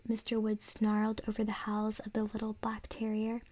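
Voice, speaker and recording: A woman reading a children's horror story aloud in a soft, unvoiced whisper, as whispered role-play. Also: medium pitch, monotone, normal speed. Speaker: ASMR reader.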